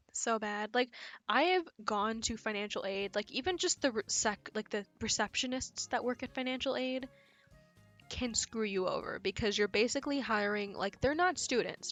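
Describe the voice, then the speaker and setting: A woman's voice: on the high side, animated, moderate pace, fairly bright tone. A young woman streamer chatting casually while gaming, rambling and swearing as she tells stories with giggles. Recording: faint music behind voice.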